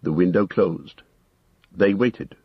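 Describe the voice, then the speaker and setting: Male audiobook narrator, deep-ish husky voice, steady measured reading. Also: no echo, highs cut off. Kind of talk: scripted narration.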